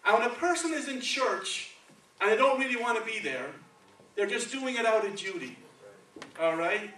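Man preaching, spanish accent, high bright voice, chatty, echoey church sound from afar. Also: lively intonation, normal speed, far from the mic, a little hiss or hum. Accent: Spanish-accented English. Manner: conversational, checks in with "okay" and "right". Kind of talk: sermon. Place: church sanctuary.

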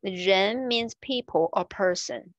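A woman teaching a language lesson, repeating each word slowly and clearly. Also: mid-range voice, dry recording, muffled recording. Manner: slow, clear repetition of words. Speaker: Chinese teacher.

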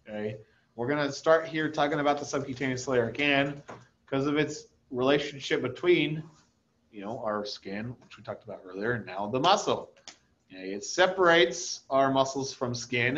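A man's voice: mid-range voice, a bit bright, highs cut off. Casual man lecturing over slides. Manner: conversational, frequent "okay?" checks. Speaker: anatomy instructor.

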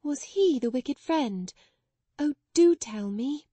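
A woman's voice: high-pitched, animated, slow pace, warm tone, no echo, pitched above the performer's own voice. A woman doing Sarah, an eager young girl. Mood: anxious. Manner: eager, breathless wonder. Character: earnest, tender young girl.

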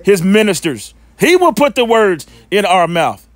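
A man with a high voice preaches in a loose, scornful way, repeating himself and stumbling as he goes. His pitch swings widely from line to line. He stops now and then to read scripture aloud. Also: sing-song, unhurried, dry recording. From Western North Carolina. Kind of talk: informal preaching and scripture reading.

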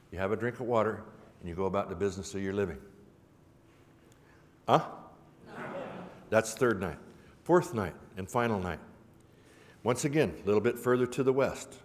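A man giving a public talk in a folksy, gently humorous way, with a rhythmic, repetitive storytelling cadence. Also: on the low side. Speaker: symposium speaker. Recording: reverberant hall with faint background noise.

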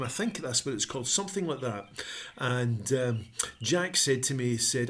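A man's voice: medium pitch, animated, a bit bright. Upbeat man vlogging. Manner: upbeat and encouraging, pausing with frequent ums. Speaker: motivational vlogger. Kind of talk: casual talk to camera.

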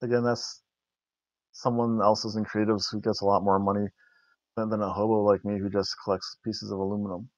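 With a voice on the low side and little pitch movement, this wrestling review podcast host talks fairly quickly. He rambles and jokes, restarting frequently, and the recording is dull, dry and lo-fi with no room sound.

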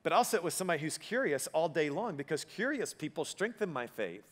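Male pastor, higher voice, humorous conversational sermon; hall reverb. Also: very animated, brisk, a bit bright. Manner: humorous, conversational preaching with audience asides. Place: church auditorium. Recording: long reverb of a church hall.

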